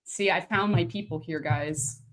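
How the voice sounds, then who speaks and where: Brief: woman author, animated storyteller, laughs easily, casual video call. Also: on the low side, measured pace. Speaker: author guest.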